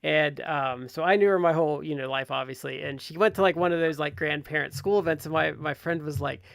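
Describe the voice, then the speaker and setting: A man's voice: fairly high pitch, brisk, creaky, a bit bright, dry recording. A man co-hosting a casual wrestling podcast, chatty and filling his talk with "like". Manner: chatty, filler-heavy with "like". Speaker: podcast co-host.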